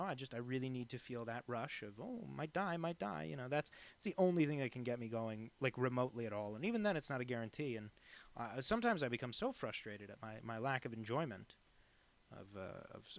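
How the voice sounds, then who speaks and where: A man streaming live as a cartoonist, chatting casually while he draws and rambling through deadpan jokes. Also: mid-range voice.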